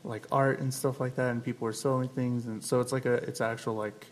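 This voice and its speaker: A man hosting a music spotlight show, asking questions in a halting, friendly way with many fillers. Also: mid-range voice, level tone, a little hiss or hum. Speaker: radio show host. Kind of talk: casual interview.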